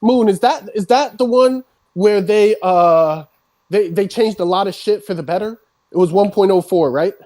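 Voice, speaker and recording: Streamer going off on a rant, cursing nonstop, voice cracking, normal pitch. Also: normal speed. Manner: swears constantly, escalates into shouting. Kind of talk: heated rant.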